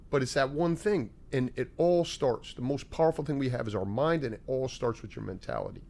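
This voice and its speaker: A man's voice: mid-range voice, very animated, fairly quick, creaky, hardly any pauses, darkish tone. A middle-aged man, a fitness coach, talking earnestly as a guest in an interview. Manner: earnest, emphatic about mindset. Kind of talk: casual interview chat.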